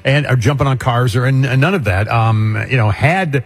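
A man co-hosting a talk radio show, chatting casually with quick asides. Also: mid-range voice. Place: radio studio.

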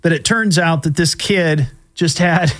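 A middle-aged man hosts a casual talk show, chatting through odd news items with wry amusement. His voice sits a little high for a man, and he keeps the tone loose, full of little fillers and asides. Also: measured pace, a bit bright. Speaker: host.

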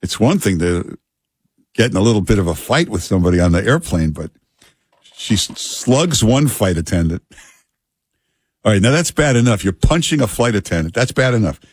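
Halting talk radio host with deep husky voice. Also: male voice, no echo. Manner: relaxed, halting, many uh fillers. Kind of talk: talk radio with live ad reads. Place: radio studio. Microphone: studio microphone.

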